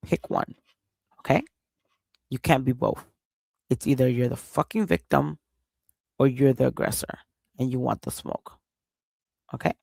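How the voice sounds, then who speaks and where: A man's voice: mid-range voice, moderate pace, gravelly, long pauses, darkish tone, no echo. A man hosting a livestream, ranting in a heated, profane way and repeating his points. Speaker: livestream host. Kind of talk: casual livestream rant.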